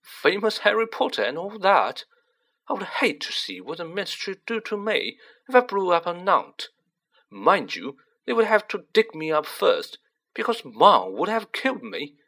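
A man voicing an excitable, chatty teenage boy wizard who talks in animated, joking bursts. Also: high voice, moderate pace, voice pushed up, full character voice.

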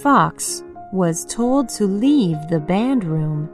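A woman reading a children's storybook aloud, slow and expressive. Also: mid-range voice. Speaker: storybook reader. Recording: faint piano music behind.

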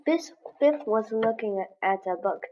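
A woman's voice: on the high side, lively intonation, unhurried, lo-fi sound. A woman reading a graded children's story aloud for English learners, with careful, evenly paced delivery. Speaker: English lesson reader.

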